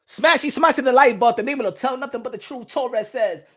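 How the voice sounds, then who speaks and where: High-pitched guy w a new ranting about boxing on a stream, keeps repeating stuff and shouting out chat. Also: brisk, few pauses. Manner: animated, repetitive, shouts out chat viewers. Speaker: boxing channel host. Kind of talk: casual live-stream boxing talk.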